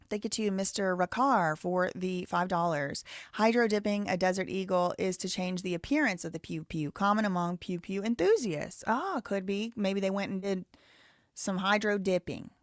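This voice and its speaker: A woman's voice: mid-range voice, normal speed, no echo, studio quality. A woman with a Southern American accent hosting a live show, chatting casually and reading out viewer donations and messages. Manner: chatty, thinks aloud, reads viewer messages. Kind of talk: casual live-stream commentary.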